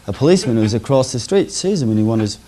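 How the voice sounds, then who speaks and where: A man's voice: mid-range voice, lively intonation, quick pace, warm tone. A man doing stand-up comedy on a 1980s local television show, telling jokes and mimicking drunk characters in them.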